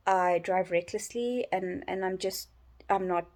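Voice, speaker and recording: A tired, sleep-deprived woman rambling in a personal vlog from her bedroom, yawning and halting with many restarts. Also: mid-range voice, a little mellow. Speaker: vlogger.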